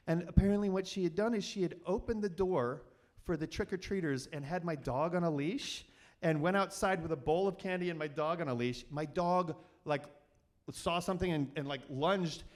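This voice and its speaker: A man hosting a live storytelling show, telling a funny personal story on stage with many fillers and restarts. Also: high-pitched. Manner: rambling and self-deprecating, many fillers and restarts.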